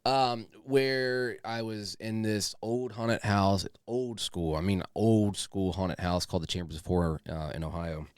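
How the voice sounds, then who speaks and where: A man's voice: fairly low pitch, unhurried, few pauses, clear, resonant tone, no echo, studio quality. A man co-hosting a podcast in loose, enthusiastic casual chat, swearing and saying "dude" often. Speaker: podcast co-host.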